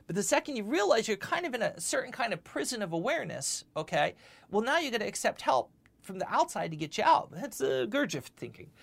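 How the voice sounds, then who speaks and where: Animated woman teaching spirituality. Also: medium pitch, gravelly. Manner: animated, repeats words, often asks "okay?". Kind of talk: spiritual lecture with questions.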